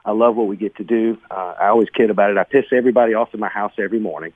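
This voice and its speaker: A middle-aged man talks earnestly through his own story, often saying "man" and "bro." His voice sits a little low. It comes through a thin, phone-like line in a dry space. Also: very fast, breathy edge, dry recording. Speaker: guest, business owner. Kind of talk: conversational interview storytelling. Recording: tinny phone-like sound.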